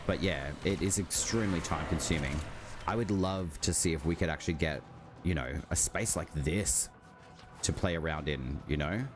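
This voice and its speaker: A very deep-voiced man streams a game at a normal pace, chatting casually with viewers and rambling with plenty of "like" fillers. Music plays behind him over steady background noise.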